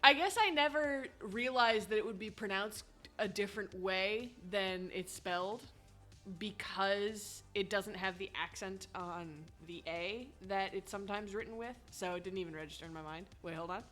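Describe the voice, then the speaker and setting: A woman's voice: mid-range voice, normal speed, fairly bright tone, faint music behind. A woman streaming a video game with chatty, laughing commentary and swearing asides, on a desk mic. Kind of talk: casual gaming commentary. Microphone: headphones and desk mic.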